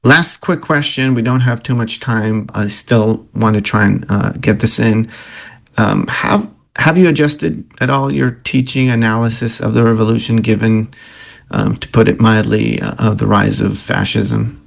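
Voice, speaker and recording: A man's voice: on the low side, steady tone, normal speed, gravelly. A man hosting an interview, giving brief, agreeable prompts and asking questions. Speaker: interview host. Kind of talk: casual interview.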